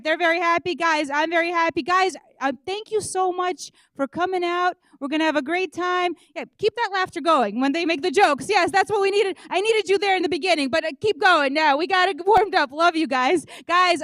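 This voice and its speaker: Woman, high voice, dry close mic, warm-up comic, loud crowd-hyping. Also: a little fast, few pauses, no room sound. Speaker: audience warm-up comedian. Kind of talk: stand-up warm-up, leading applause. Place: auditorium.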